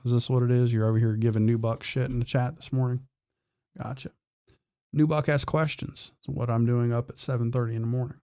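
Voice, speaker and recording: A man's voice: medium pitch, level tone, a little fast, dark tone, smooth, no room sound. A man hosting a casual livestream, reading chat comments and giving blunt, profane, defiant opinions while drawling through restarts. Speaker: livestream host.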